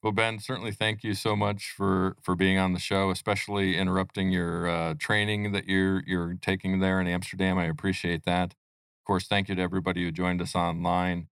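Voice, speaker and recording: Host: man with a low voice, upbeat, quick patter, dry sound. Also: flat delivery, a bit bright, clean tone, no room sound. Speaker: podcast host. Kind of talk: live podcast interview hosting.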